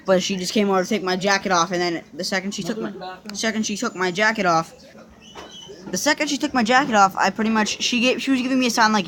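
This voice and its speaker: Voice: medium pitch, fast talker, pushed and bright. Here is a young vlogger recounting a story from childhood in a loose, rambling way. They stumble through restarts, lean on fillers, and drop casual swears as they go. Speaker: vlogger telling a personal story.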